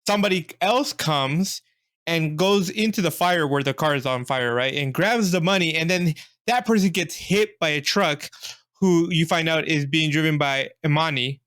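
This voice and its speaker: A man's voice: a little high, moderate pace, a bit bright. A man co-hosting a podcast who gives short agreeing replies and recaps a movie plot step by step. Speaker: podcast co-host. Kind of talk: casual movie review chat.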